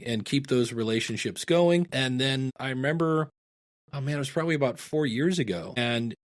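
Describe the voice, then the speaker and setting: A middle-aged man from Ohio, a podcasting guest, telling stories in a casual interview and acting out the dialogue in them. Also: medium pitch. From Ohio, USA. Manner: animated storyteller, acts out quoted dialogue.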